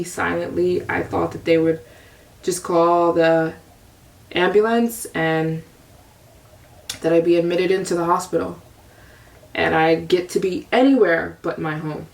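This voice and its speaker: A woman's voice: lowish voice, creaky. A young adult woman from the US telling a candid, rambling personal story as a vlogger, her voice a little distant from the mic. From United States. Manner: confessional, rambling, frequent repeats.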